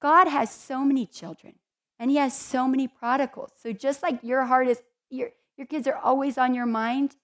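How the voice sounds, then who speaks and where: A woman's voice: high-pitched, fairly even intonation, moderate pace, a bit bright. A woman giving a conversational Bible teaching in an earnest, heartfelt way, with chatty asides to her listeners.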